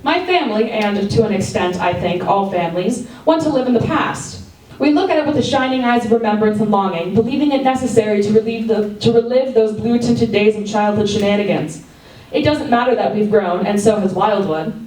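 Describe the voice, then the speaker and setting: A woman's voice: medium pitch, a little fast, a little mellow, far from the mic. Woman reading her own essay at an open mic, reflective, echoey room, set back from the mic. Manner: reflective, with small restarts. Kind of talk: reading a personal essay aloud. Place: coffee house.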